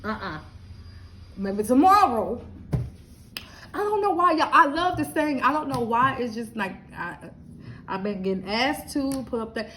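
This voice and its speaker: A woman's voice: on the high side, unhurried, pauses often, a little hiss or hum, poor audio. A middle-aged woman from Lubbock, Texas, chatting and laughing with her viewers in a casual live stream. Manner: chatty, animated, laughing, talks straight to viewers.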